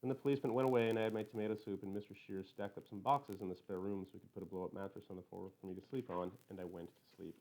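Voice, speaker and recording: A man reading a first-person novel aloud in a plain, literal, even manner. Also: lowish voice, very fast, few pauses, low-quality recording. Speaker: audiobook reader.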